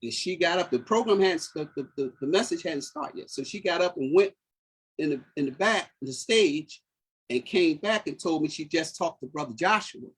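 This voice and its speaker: Husky man telling an emotional testimony. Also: a little high, animated, normal speed. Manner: earnest, quoting people's words, repeats phrases when moved. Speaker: guest telling his testimony. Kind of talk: emotional personal storytelling.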